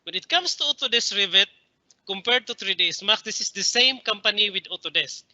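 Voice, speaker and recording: A male instructor giving a screen-recorded software tutorial, explaining step by step with frequent fillers and addressing viewers as friends. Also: sits high, expressive, a little fast, dry recording, highs cut off.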